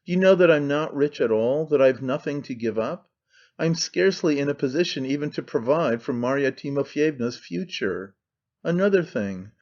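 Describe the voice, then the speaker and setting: A man's voice: mid-range voice, darkish tone, close to an everyday voice. Man playing a cold, aloof aristocrat. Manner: reserved, cool, measured. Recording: slightly dull lo-fi sound.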